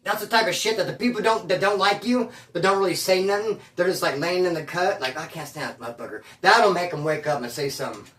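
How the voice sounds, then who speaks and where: A man's voice: high-pitched, quick pace, hardly any pauses, fairly bright tone, roomy sound, distant mic. A man telling stories about prison life in a casual, slangy, streetwise way, full of bro and dude. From California. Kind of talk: casual storytelling monologue.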